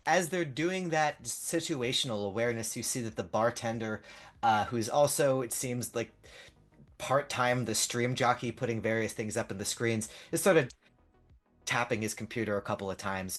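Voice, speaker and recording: A man running a tabletop game as game master, narrating casually with frequent fillers and swearing. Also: medium pitch. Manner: casual, rambling, swears freely.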